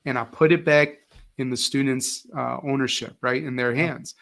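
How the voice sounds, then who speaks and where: His voice is mid-range and gravelly, moving at a normal speed. A former teacher in middle age, he's an interview guest telling casual stories with lots of energy, acting out each quoted voice.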